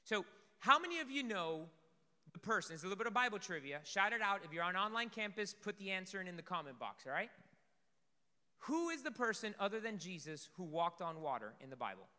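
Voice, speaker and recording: A man preaching a sermon to a congregation, lively, swinging between loud emphasis and soft asides. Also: high voice, a little fast. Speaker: pastor. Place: church sanctuary. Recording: reverberant hall.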